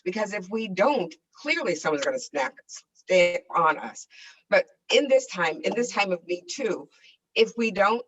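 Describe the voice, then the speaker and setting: A woman's voice: medium pitch, slightly rough, distant mic, muffled recording. A woman on a discussion panel speaking in an emphatic, urging way.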